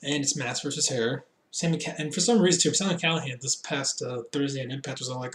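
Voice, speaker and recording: A man's voice: on the high side, moderate pace, few pauses, fairly bright tone. A man casually reviewing a show, rambling with lots of fillers and laughing at his own slips, sounding a bit tipsy. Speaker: wrestling reviewer. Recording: echoey room.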